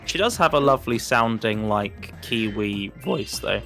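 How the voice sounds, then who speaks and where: A man's voice: fairly low pitch, lively intonation, unhurried, music in the background. A man chatting casually as a co-commentator, teasing and self-mocking. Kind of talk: casual chat.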